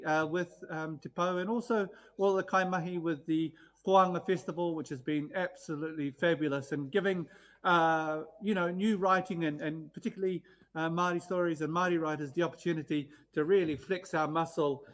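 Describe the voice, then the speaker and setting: A man's voice: a little high, a bit bright. A man with a New Zealand accent reading stage directions and thanking the cast, speaking with many hesitations. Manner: hesitant, many ums, grateful.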